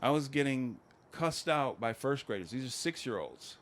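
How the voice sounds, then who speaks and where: Deadpan man doing stand-up. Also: medium pitch, moderate pace. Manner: conversational, deadpan storytelling with acted quotes. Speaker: stand-up comedian. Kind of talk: stand-up comedy set.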